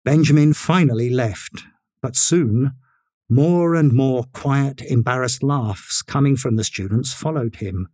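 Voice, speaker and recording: A man narrating a story in a measured, expressive reading style. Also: medium pitch, no echo, clean studio sound.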